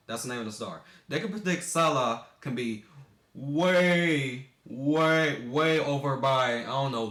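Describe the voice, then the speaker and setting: A young man talks in a loose, rambling way, tripping over words and restarting his sentences as he goes. His voice sits at an ordinary pitch for a man. The sound carries a noticeable echo off the walls of the room. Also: pushed and bright. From United States. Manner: rambling, self-correcting, stumbling over words. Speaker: video maker. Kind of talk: casual rambling commentary. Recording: echoey room.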